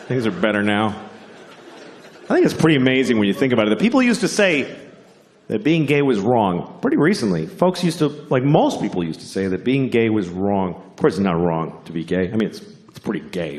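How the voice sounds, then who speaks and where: A man doing a stand-up comedy set, telling stories in a deadpan, unhurried way and jumping into high character voices. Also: a little hiss or hum. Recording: live venue with audience laughter.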